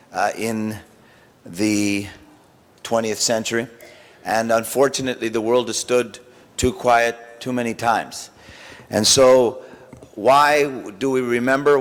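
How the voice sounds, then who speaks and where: A man of middling pitch addresses a large council chamber in a solemn, deliberate way. He pauses often, and long reverb hangs after his words. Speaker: city council member. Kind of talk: formal council speech.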